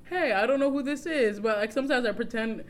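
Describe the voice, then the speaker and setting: A woman's voice: on the high side, fast. A woman co-hosting a podcast, telling a dating story in casual chat, laughing often and acting out the quotes. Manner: animated, laughs often, acts out quoted texts. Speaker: podcast co-host.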